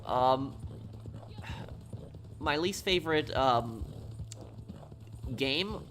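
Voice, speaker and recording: Expressive and drawing out his words, a New York man with a mid-range, slightly bright voice rambles apologetically through viewer questions on his live stream as he plays. A little hiss or hum is audible.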